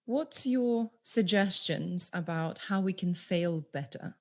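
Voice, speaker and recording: Woman host, lowish voice, slow thoughtful questions. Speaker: podcast host. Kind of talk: interview questions.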